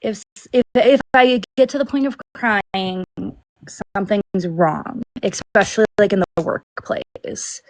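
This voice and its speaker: A woman's voice: mid-range voice, animated, measured pace. A woman co-hosting a live stream, chatting casually in a rambling way with lots of filler words. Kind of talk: casual chat.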